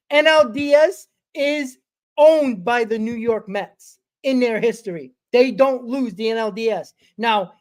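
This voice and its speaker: A man hosting a sports fan show from his small home studio, ranting fast and excitedly, swearing and repeating himself. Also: very high-pitched. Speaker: host. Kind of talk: excited postgame fan rant.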